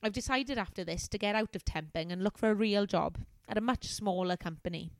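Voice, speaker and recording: A woman voicing a lonely young office temp in a comic reading of a novel, with a soft, plaintive delivery. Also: mid-range voice, brisk, no room sound, lightly acted. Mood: bright. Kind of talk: comedic reading aloud of a novel.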